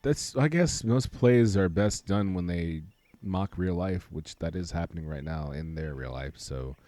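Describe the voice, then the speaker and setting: Joking, low-voiced young man streamer. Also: unhurried, dark tone, no room sound. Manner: rambling, joking storyteller. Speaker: streamer playing a game. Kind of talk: casual let's-play commentary.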